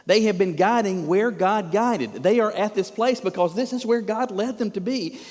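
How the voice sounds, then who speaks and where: A man's voice: high voice, moderate pace, darkish tone, big-room sound. A man preaching a sermon as pastor, in an emphatic way, full of rhetorical questions.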